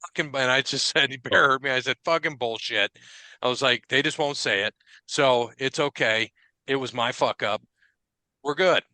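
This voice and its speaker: Male podcast co-host, very bright dry voice, profane animated storyteller. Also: medium pitch, moderate pace, dry recording. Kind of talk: casual chat.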